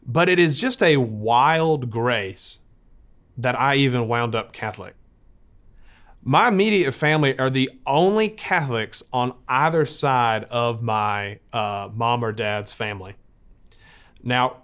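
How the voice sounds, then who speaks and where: A man from the United States telling a personal faith story in a conversational way. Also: mid-range voice. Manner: conversational, lively when quoting others.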